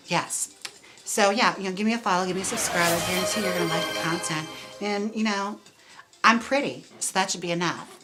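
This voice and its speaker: A man streaming live as a drag performer and wig stylist, trying on wigs and chatting in a campy way with quick laughing asides. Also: high-pitched, over loud music. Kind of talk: casual live-stream chat.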